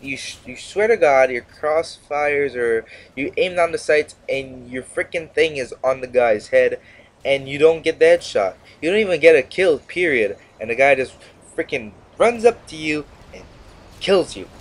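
A teenage boy with a medium-pitched voice comments on his gameplay over slight background noise. His talk is casual, rambling, and sarcastic, and he often cuts himself off.

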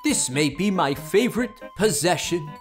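A woman playing a calm, content character in a children's educational show. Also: lowish voice, normal speed, over music, lightly acted.

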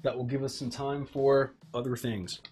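At his home workbench, a livestream host with a medium-pitched, level, darkish voice chats casually at a moderate pace while he works. He rambles, jokes at his own expense, and talks to himself as he tinkers.

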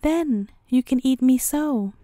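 A cheeky little storybook lamb, frisky and sly, chanting his rhymes in a high sing-song voice, as a woman reading aloud puts him on. The tone is warm and mellow and the sound is close and dry. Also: takes it slowly, no echo.

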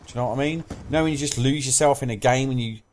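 A man's voice: mid-range voice, rapid-fire, a little mellow, slight background noise. A young British man commentating his own gameplay, swearing constantly and raging at other players. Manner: swears constantly, rages at teammates and enemies. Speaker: gaming commentator.

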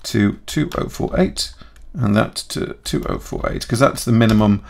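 A man talking through a software tutorial in a chatty way, thinking aloud and correcting himself as he goes. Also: on the low side, wildly swooping pitch, moderate pace, vocal fry, slight background noise. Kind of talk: screen-recorded software tutorial.

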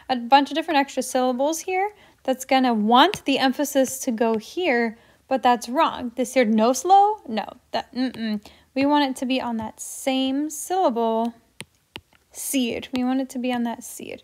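A woman teaching a grammar lesson in an upbeat, playful way, dropping to soft asides while she writes. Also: on the high side. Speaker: Spanish teacher.

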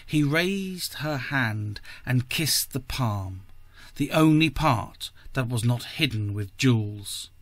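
A male podcast host reads a short story in a measured, careful manner. His pace is slow and unhurried. The recording is dry with no room sound, at a mid pitch. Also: expressive, no echo.

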